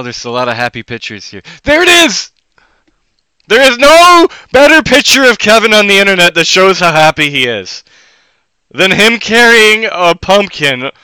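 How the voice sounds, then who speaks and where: A man rambling on a solo live stream at home, jumping between loud outbursts and low muttering. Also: dry recording.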